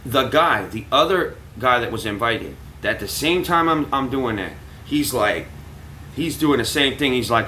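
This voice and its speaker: A man's voice: mid-range voice, moderate pace, a little hiss or hum, low-quality recording. A man telling a story casually to his viewers, cursing freely and acting out what people said. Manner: animated, profane, acts out quotes. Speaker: vlogger.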